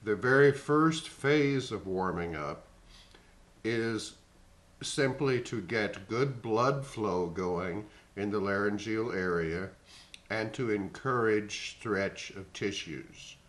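A man in his sixties, a voice teacher explaining and demonstrating vocal warm-ups in a measured, explanatory way. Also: fairly low pitch, reverberant. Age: 60s. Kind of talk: singing lesson demonstration.

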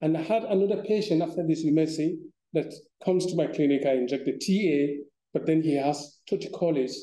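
Male surgeon giving an informal conference talk, slightly high, mellow, roomy hall sound. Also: fairly even intonation. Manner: informal, chuckling asides, halting restarts. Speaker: ENT surgeon lecturing. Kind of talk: conference lecture with patient videos. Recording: echoey hall.

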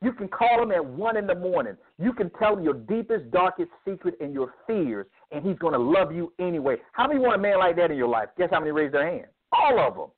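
Animated man, preacherly, over a phone line. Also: sits high, fairly quick, few pauses. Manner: emphatic, preacherly, acts out dialogue. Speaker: guest speaker on men's ministry. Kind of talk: animated interview storytelling.

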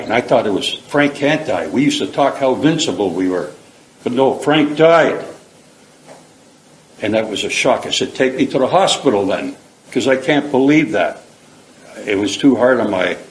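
A middle-aged man from Canada giving a plain-spoken, earnest personal testimony in a church hall. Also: mid-range voice. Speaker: speaker giving his testimony. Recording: echoey hall, faint background hiss.

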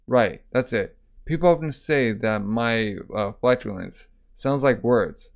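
A man's voice: mid-range voice, measured pace, vocal fry. A man reading a manga aloud, voicing a brash young woman posing as a maid, in a bold, bossy, breezy manner.

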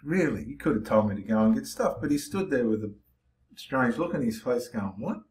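A man's voice: medium pitch, expressive, brisk, darkish tone. A man preaching with passion to the camera, confronting and challenging his listeners directly. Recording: roomy echo.

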